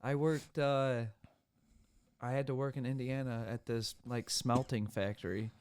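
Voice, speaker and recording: Man, Michigan accent, casual podcast chat, fast run-on talk, frequent laughter, mid pitch, dry close studio sound. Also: fairly even intonation, a little mellow, smooth, dry recording. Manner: fast-talking, laughs often, slips into quoted voices. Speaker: podcast co-host.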